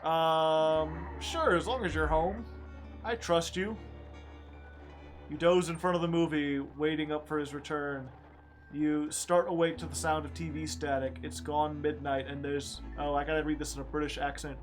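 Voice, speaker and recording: A man streaming a game, reading its story text aloud in a quiet voice and breaking off for joking asides to chat. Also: fairly high pitch, fairly even intonation, moderate pace, soft background music.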